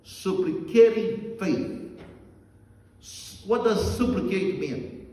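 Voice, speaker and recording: A high-voiced man preaches an earnest sermon and leans hard on repeated phrases. He talks slowly and deliberately. The sound is roomy with a long hall reverb, and the mic sits some distance from him. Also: animated, mellow. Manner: earnest, repeats phrases, slow emphatic delivery. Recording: echoey hall, mic far off.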